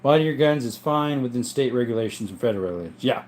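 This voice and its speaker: A man's voice: medium pitch, expressive, fast, darkish tone, a little hiss or hum. A man hosting a casual live chat, reading viewer comments aloud and answering in a laid-back, rambling way, his voice strained and worn. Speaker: livestream host and gun collector. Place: home room with a gun collection.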